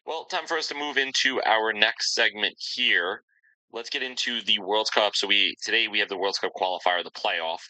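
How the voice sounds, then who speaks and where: A man with a low, deep voice and a strikingly bright, forceful edge, hosting a casual sports podcast. He rambles along cheerfully and fills his pauses with ums and likes. The sound is close and dry, with no room around it. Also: dry recording, poor audio. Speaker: podcast host.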